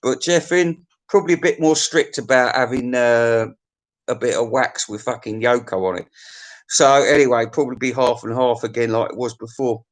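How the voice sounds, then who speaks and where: A man's voice: mid-range voice, normal speed. A man, hosting a music countdown in a rambling, opinionated comic monologue full of swearing, restarts and stammers.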